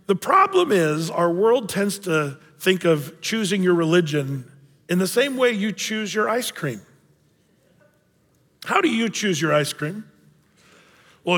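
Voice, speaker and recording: High-voiced male pastor in a reverberant hall. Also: a bit bright. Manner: conversational, joking asides. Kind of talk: sermon.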